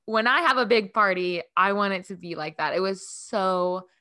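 A woman co-hosting a podcast in casual chat over a video call, bubbly and laughing often, her voice leaping up when excited. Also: medium pitch, normal speed, smooth. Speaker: podcast co-host. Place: home, remote call.

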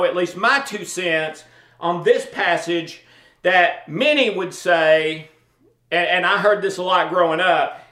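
A man's voice: sits high, sharp tone, reverberant. A man giving an informal Bible teaching in a conversational way, often checking in with his listeners. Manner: conversational, checks in with "okay?" and "all right?".

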